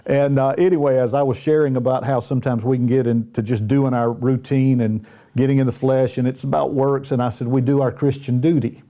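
A man's voice: mid-range voice, little pitch movement, a little fast, dark tone. A middle-aged man with a Southern US accent, a minister telling folksy, self-deprecating stories in a casual Christian talk show chat. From Southern United States.

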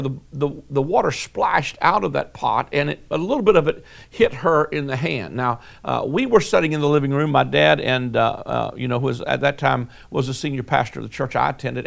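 A man's voice: medium pitch, vocal fry. A male pastor preaching a sermon, reading scripture and telling folksy personal stories with many fillers and restarts.

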